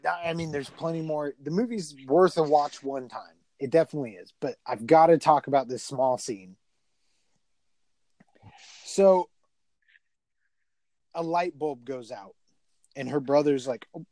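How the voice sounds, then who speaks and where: A man's voice: on the high side, a little mellow, dry recording. A man retelling a movie in a casual chat, rambling and profane, with lots of filler words.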